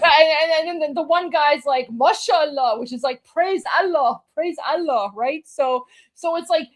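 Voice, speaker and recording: A woman's voice: high-pitched, unhurried. A woman from Iran hosting a live stream, giving sarcastic reaction commentary and constantly talking to her viewers. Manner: sarcastic, mocking, keeps addressing viewers. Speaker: livestream host.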